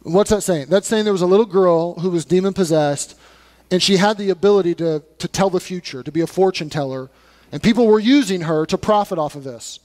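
A man preaching from the pulpit in a notably high voice, talking to the congregation in a direct, conversational way. He drives his points home with blunt, emphatic warnings. His voice rings out with a long reverb, as in a large church sanctuary. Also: brisk, a little mellow. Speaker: pastor. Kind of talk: sermon.

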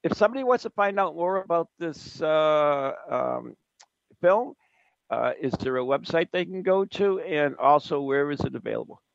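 A man with a New England accent hosting a radio interview, folksy and self-deprecating, halting with fillers. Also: fairly high pitch, expressive, creaky, no room sound, muffled recording. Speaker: radio show host.

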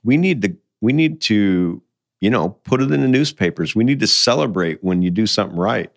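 A man's voice: fairly low pitch, lively intonation, moderate pace. A man from the mining industry who talks casually and tells folksy stories, quoting other people as he goes. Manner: folksy storyteller, quotes people in conversation. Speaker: mining guest. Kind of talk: casual podcast conversation.

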